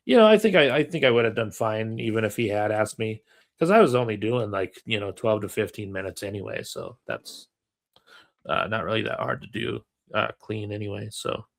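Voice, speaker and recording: A man, a comedian, telling a story in relaxed casual chat over a remote call, with plenty of fillers. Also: lowish voice, fairly quick, vocal fry. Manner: relaxed, rambling with many fillers.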